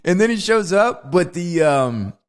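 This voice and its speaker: A man in casual movie talk on a podcast, animated and laughing often. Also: high voice, a little slow, clear, resonant tone. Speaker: podcast panelist.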